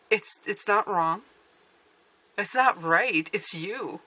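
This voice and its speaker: Chatty woman with a bright voice. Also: mid-range voice, animated, slow, breathy edge. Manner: chatty, self-interrupting, often restarts words. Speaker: tarot reader. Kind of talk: casual tarot reading.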